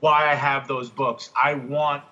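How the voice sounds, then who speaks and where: A man on a casual podcast, telling animated, profane stories about his work as a comic artist. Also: medium pitch, measured pace, dull audio.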